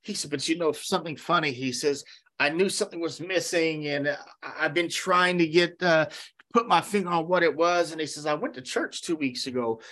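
A man's voice: on the high side, a little fast, bright, forceful tone. A man preaching a sermon, telling a story with quoted dialogue before moving into emphatic preaching. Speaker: pastor.

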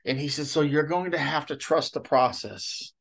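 A man's voice: a little high, normal speed, vocal fry, fairly bright tone. Male preacher, easygoing sermon delivery, loose storytelling with many asides and check-ins. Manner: conversational and rambling, frequent "you know" and "okay?".

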